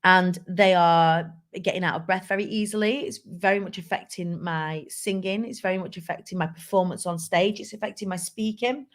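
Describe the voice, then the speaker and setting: A woman's voice: on the low side, moderate pace, hardly any pauses. A woman hosting a live show, talking candidly and chattily to viewers and reading out their comments. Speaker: live show host and speaker. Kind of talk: casual live-stream talk.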